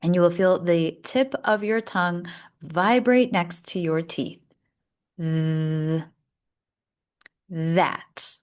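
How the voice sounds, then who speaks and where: A woman teaching English pronunciation, saying words slowly and deliberately for learners to repeat, with an encouraging teacher tone. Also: fairly low pitch. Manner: slow, deliberate, drawn-out words for repetition. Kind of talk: slow, clear pronunciation lesson.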